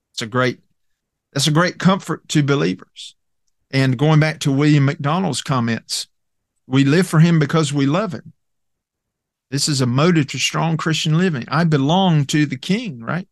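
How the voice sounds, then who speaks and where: A man teaching through a Bible passage in an earnest, emphatic way, often pausing with "uh" and checking in with "okay?". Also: fairly high pitch, creaky, no echo, clean studio sound.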